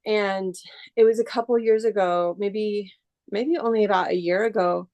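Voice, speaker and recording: Speaking at a normal speed, this woman has a medium-pitched, slightly mellow voice with fairly even intonation. A shoe-customizing artist from the San Francisco Bay Area, she talks casually in a video-call interview, rambling with many restarts.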